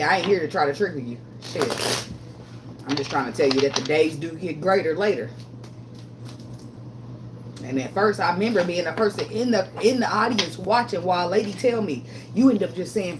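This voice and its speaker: A woman's voice: lowish voice, background noise. A woman doing a casual tarot reading vlog, talking bluntly with lots of swearing, getting emotional and laughing often. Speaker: tarot reader.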